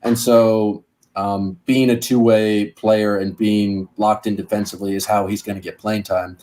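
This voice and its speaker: A man's voice: fairly low pitch, flat delivery, measured pace, warm tone. A man hosting a casual sports podcast, chatty and upbeat, laughing easily. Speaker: podcast host.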